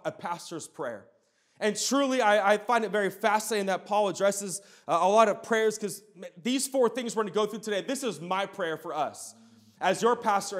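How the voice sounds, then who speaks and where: A man in his thirties, a pastor, preaching a sermon in a conversational storytelling way with sudden bursts of emphasis. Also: sits high.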